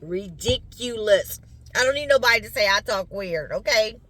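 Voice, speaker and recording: A woman's voice: mid-range voice, expressive, moderate pace, fairly bright tone. A middle-aged woman with a Southern US accent, chatting casually to her viewers as y'all, her voice a bit congested from sinus drainage. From Louisiana, US. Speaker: vlogger.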